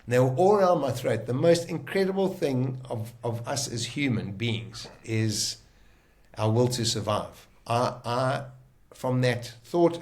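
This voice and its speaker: A man recounts his survival story in a vivid, emotional way. He often stops and restarts mid-sentence as he searches for words. His voice sits at an ordinary middle pitch. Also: unhurried, a little mellow. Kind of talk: casual storytelling.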